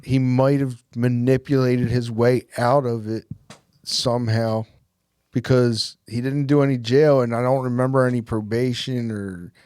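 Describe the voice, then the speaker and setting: A man's voice: medium pitch, fairly even intonation, measured pace, a little mellow, clean tone, no echo, clean studio sound. A man co-hosting a podcast, telling a story in a rambling, crude way. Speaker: podcast co-host. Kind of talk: casual storytelling chat.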